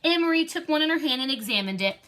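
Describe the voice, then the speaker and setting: A woman's voice: high-pitched, lively intonation, very fast, sharp tone. A woman reading a children's novel aloud expressively, with occasional slips and restarts. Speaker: reader.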